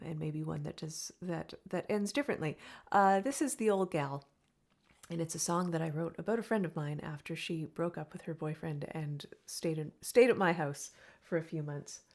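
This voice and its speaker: A woman's voice: low-pitched, moderate pace, a little mellow. A young woman, a singer-songwriter hosting her weekly music show, chatting casually between songs in a rambling, storytelling way. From Canada. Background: her own acoustic guitar.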